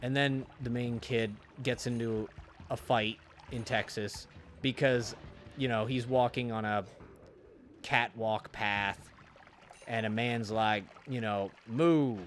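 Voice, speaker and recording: A man's voice: mid-range voice, fairly even intonation, slow pace, fairly bright tone, a little hiss or hum. A man streaming a game and chatting casually, retelling a story in a rambling, profane way full of restarts. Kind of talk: casual chat while gaming.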